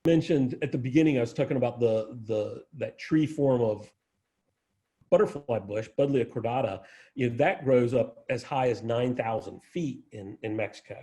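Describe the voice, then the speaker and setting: A man's voice: mid-range voice, moderate pace, mellow. A man giving an informal plant lecture, conversational, with frequent restarts and asides. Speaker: arboretum director giving a plant talk.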